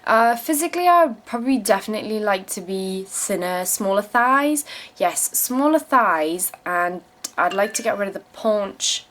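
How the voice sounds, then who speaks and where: A woman's voice: mid-range voice, lively intonation, moderate pace, a bit bright. Blunt, sweary young woman from South Africa. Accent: South African mixed with English. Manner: blunt and sweary, reads questions aloud then answers; emphatic repeated phrases when giving advice. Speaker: vlogger answering viewer questions. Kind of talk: casual Q&A vlog.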